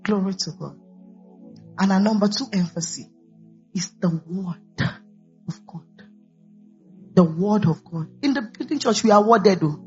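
A woman's voice: medium pitch, unhurried, pauses often, dark tone. A woman pastor preaching a sermon, peppering her words with hallelujahs. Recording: dull lo-fi recording with faint music.

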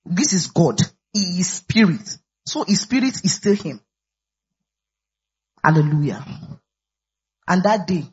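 A woman's voice: low-pitched, slightly rough. A woman pastor preaching a sermon, peppering her words with hallelujahs. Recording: dull lo-fi recording with faint music.

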